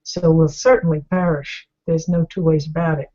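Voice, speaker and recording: A woman voicing a determined male ship captain in a storytelling retelling, with a low, firm, measured delivery. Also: fairly even intonation, warm tone, muffled recording. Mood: resolute.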